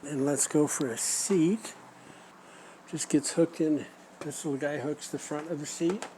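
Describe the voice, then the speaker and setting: A man's voice: fairly high pitch, fairly even intonation, a little slow, mellow, slight background noise, low-quality recording. An older man demonstrating motorcycle repair step by step, patiently instructing a learner. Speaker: mechanic teaching motorcycle repair. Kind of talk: hands-on demonstration.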